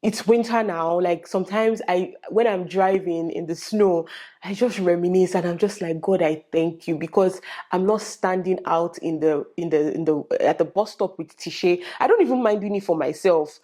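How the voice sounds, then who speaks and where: Young woman, Nigerian accent, casual vlogger, animated storyteller with Pidgin asides. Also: fairly low pitch, normal speed. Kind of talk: casual vlog chat.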